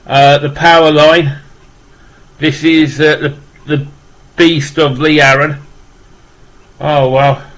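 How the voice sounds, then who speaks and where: Man, slightly high voice, flat monotone delivery, rambling casual unboxing chat. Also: slow pace, pauses often, poor audio. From West Midlands, England. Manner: rambling, repeating "wow" and restarting with many fillers. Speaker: vlogger opening a parcel of rock music gifts.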